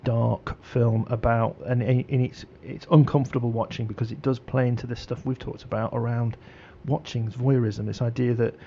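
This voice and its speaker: Male radio host, dark gravelly tone, muffled broadcast sound, rambling delivery. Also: medium pitch, little pitch movement, slight background noise. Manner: halting, many fillers and restarts. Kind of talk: casual radio chat.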